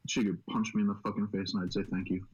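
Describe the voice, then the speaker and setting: A young man co-hosting a podcast in casual chat, swearing constantly and rambling excitedly. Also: fairly low pitch, quick pace, slightly rough, highs cut off. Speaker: podcast host.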